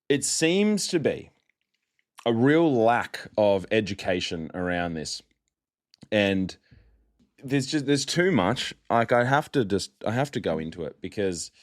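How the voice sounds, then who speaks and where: A young man hosting a podcast alone, chatty and mocking, often laughing as he talks. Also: on the low side. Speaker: podcast host. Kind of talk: casual solo podcast monologue.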